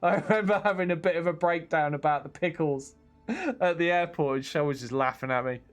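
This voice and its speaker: A man's voice: a little high, expressive, fairly quick, soft background music. Chatty English man streaming. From England. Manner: chatty, self-deprecating, laughs often, reads chat aloud. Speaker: game streamer. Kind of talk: casual live-stream chat.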